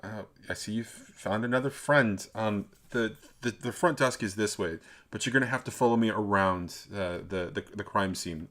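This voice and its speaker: Man playing a wary female lead detective in a tabletop game; low voice, halting and stammering. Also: fairly bright tone, lightly acted. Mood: businesslike. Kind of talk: tabletop role-play.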